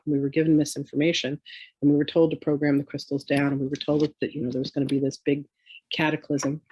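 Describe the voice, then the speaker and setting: A woman's voice: low-pitched, darkish tone, husky, no room sound. A woman spiritual teacher in a casual chat, telling rambling, chatty stories.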